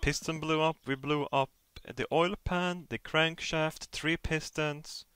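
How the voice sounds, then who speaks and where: A man streaming a game live, chatting casually and excitably to his viewers at a desk mic, with whoops and swearing. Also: a little high, slow pace, clean tone, no echo.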